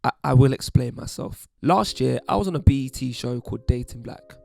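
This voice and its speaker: A young British man from England talking casually to camera as a YouTube host, chatty and wry with lively asides. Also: medium pitch, brisk, creaky. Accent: British English.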